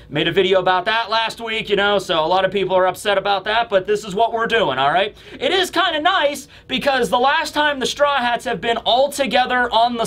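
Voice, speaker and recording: A man hosting a casual review, talking excitedly with many fillers. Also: sits high. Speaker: host reviewing a manga chapter. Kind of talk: casual chat.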